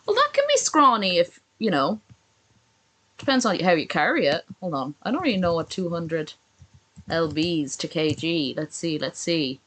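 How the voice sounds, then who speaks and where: A woman's voice: lowish voice, big pitch swings, moderate pace, fairly bright tone, poor audio. A woman streamer reacting live to a video, sarcastic and swearing constantly in casual commentary.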